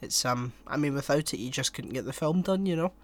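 A man's voice: medium pitch, animated, a little fast. A man co-hosting a podcast in casual chat, joking at his own expense and swearing casually, with a sore, coughing throat. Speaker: podcast co-host.

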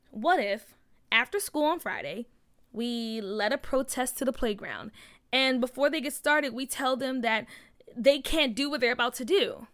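Woman reader doing a plucky schoolgirl rallying her neighborhood; keep it high and bright. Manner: eager, determined. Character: spirited young schoolgirl activist. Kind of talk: storybook read-aloud.

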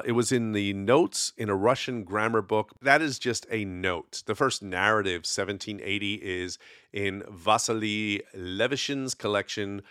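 A man's voice: lowish voice, fairly bright tone, dry recording, clean studio sound. A man hosting a casual solo podcast, telling folklore in a rambling, conversational way with lots of fillers. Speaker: podcast host.

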